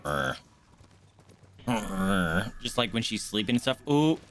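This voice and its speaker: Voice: medium pitch, fast, a little hiss or hum. A game streamer chatting casually on a live stream, often cooing baby talk at a pet dog between gameplay remarks.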